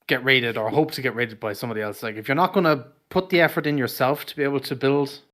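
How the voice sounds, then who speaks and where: A man's voice: mid-range voice, quick pace, fairly bright tone. A man co-hosting a podcast, giving opinions in casual chat with many fillers.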